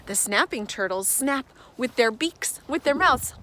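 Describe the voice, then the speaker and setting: A woman leading a preschool storytime walk outdoors, talking gently to small children in a sing-song way. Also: on the high side, expressive, normal speed, few pauses. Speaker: children's storytime and hike leader. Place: outdoors on a wooded trail by water.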